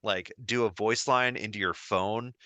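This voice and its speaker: This podcast co-host has a lowish, fairly level voice with a bright, forceful tone, and he speaks at a measured pace without echo. He chats casually, telling stories enthusiastically and rambling through plenty of fillers and restarts.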